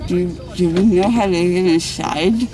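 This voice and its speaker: A woman's voice: lowish voice, a little slow, crowd noise. Groggy slurring young woman in a car. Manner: slurred, giggly, rambling. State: groggy and loopy from sedation. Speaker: vlogger. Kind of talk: casual vlog chat. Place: inside a car. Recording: loud music in a car. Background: loud car radio music.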